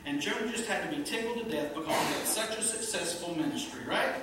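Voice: mid-range voice, brisk, few pauses. A pastor preaching a sermon to a small congregation in an emphatic way, with rhetorical questions and playful asides. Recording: very echoey room, distant mic, faint noise.

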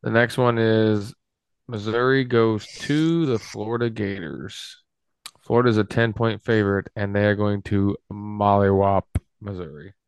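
A man's voice: on the low side, fairly even intonation, unhurried, clean tone, no room sound. A man hosting a casual sports podcast, running through the picks in a laid-back, wry way. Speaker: podcast host.

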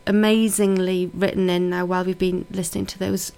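A woman's voice: mid-range voice, little pitch movement, a little fast, creaky, mellow. A woman co-hosting a radio chat show, reading listener messages with many ums and eager praise. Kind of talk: casual chat.

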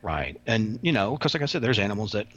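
A former prison officer spins rambling, folksy stories, stumbling over restarts and dropping slang as he goes. His voice sits low and has a husky edge. The recording sounds muffled and lo-fi. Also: big pitch swings, quick pace, fairly bright tone. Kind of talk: casual podcast storytelling.

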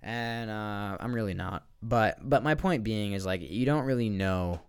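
Deep gravelly young man ranting profanely. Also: unhurried, no echo. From northeastern United States. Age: 20s. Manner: profane, rambling, with heavy swearing. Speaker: podcast host. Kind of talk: casual solo rant.

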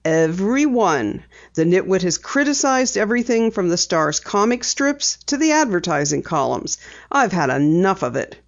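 Gruff grumpy newspaper editor guy snapping and growling, read by a woman, kinda dull sound. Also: mid-range voice, sing-song, normal speed. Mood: irritable. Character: gruff middle-aged male newspaper editor, irritable.

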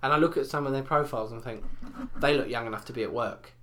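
A man's voice: medium pitch, fast talker, fairly bright tone, a little hiss or hum. Sweary young man ranting. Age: 20s. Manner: sweary, ranting, acts out others' voices. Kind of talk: casual chat.

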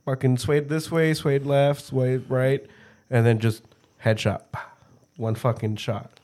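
A man's voice: mid-range voice, flat delivery, takes it slowly, darkish tone. A man chatting casually with friends, swearing constantly and acting out other people's lines as he tells stories. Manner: swears constantly, acts out friends' voices in anecdotes. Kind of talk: casual chat among friends.

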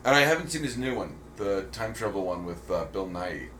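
A man's voice: low voice, animated, a little fast, a bit bright. A man co-hosting a podcast, chatting casually about films and shows, rambling with many ums and restarts. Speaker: podcast co-host. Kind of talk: casual chat. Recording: roomy echo with faint noise.

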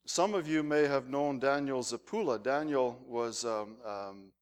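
A man preaching a sermon as pastor, telling lively, humorous anecdotes. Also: medium pitch, measured pace, clear, resonant tone. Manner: animated anecdotal storytelling with humor.

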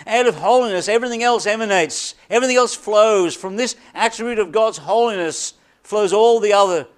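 A man with a high voice preaches a sermon from the pulpit. He leans hard on repeated words and lets key phrases sink to a near hush before rising again. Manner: emphatic preaching with deliberate repetition and dramatic drops in volume. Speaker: pastor.

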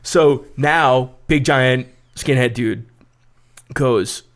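A young man telling a story on a casual podcast, swearing freely and acting out what people said in loud, raised voices. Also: drawn-out words. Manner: profane, animated, acts out quotes in loud high voices. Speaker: podcast co-host.

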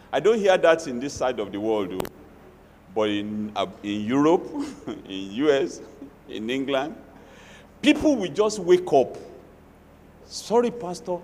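Nigerian pastor preaching in a reverberant hall. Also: male voice, fairly low pitch, a little hiss or hum. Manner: animated preaching with Yoruba asides and acted quotes. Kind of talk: sermon.

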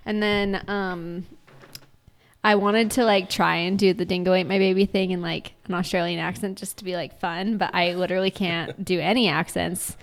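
A woman's voice: on the low side, fairly even intonation, moderate pace. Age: -. Sex: woman. Role: giggly podcast co-host. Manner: giggly, laughs often while telling a story. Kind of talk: casual true-crime podcast chat.

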